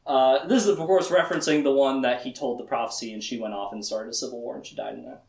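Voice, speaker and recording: A man's voice: mid-range voice, darkish tone. Chatty man recapping a plot, echoey room. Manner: laughs often and acts out characters' lines in quick asides. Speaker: book discussion host. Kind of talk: casual plot recap lecture.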